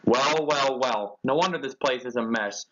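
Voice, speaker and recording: A man's voice: medium pitch, normal speed, a bit bright, lightly acted. A man voicing a spiteful, boastful male boat who taunts the engines, in a dull lo-fi recording. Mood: sneering. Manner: sneering and taunting.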